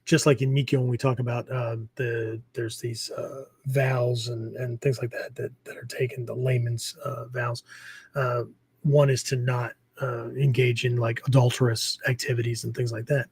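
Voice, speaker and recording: A man's voice: mid-range voice, level tone, moderate pace, husky, no echo. A man hosting a martial arts podcast, explaining ideas in a loose, rambling way with many fillers and frequent "okay?" check-ins. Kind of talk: casual teaching talk.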